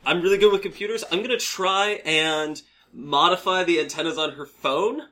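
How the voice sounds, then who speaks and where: A man's voice: fairly high pitch, moderate pace, bright, forceful tone. A man playing in a tabletop game, eager and rambling. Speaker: player. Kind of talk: tabletop role-play.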